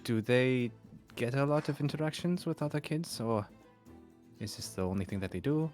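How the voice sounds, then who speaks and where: A man playing a tabletop role-playing game, chatting in a wry, deadpan way. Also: medium pitch, normal speed, soft background music. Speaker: player. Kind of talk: casual tabletop banter.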